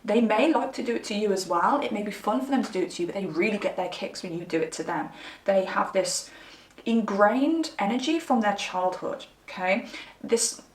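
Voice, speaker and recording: A woman's voice: mid-range voice, lively intonation, moderate pace, echoey room, distant mic. A young woman chatting candidly to her viewers while giving a pick-a-card tarot reading. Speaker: tarot reader.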